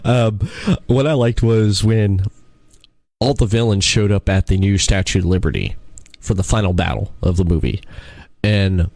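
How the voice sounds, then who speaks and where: A man hosting a casual movie chat, laughing often and quoting film lines in quick put-on voices. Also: fairly low pitch, darkish tone, dry recording. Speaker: podcast host.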